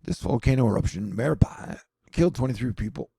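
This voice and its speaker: A man's voice: medium pitch, animated, a little fast, creaky, warm tone, breathy edge, no room sound. A man giving casual, rambling news commentary with sardonic, self-mocking asides.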